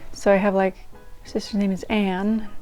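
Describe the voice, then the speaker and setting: A woman's voice: mid-range voice, flat delivery, normal speed, a little mellow. A woman hosting a diary-reading channel, chatting to viewers in a rambling way. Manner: rambling and chatty, with many ums and restarts. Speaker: host reading old diaries. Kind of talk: casual chat to viewers. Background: faint ragtime music.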